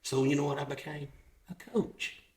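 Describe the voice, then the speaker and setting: A middle-aged man, a podcast guest, telling stories about his car business in a folksy, halting way, often restarting his sentences. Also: a little high, fairly even intonation. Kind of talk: casual chat. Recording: roomy echo.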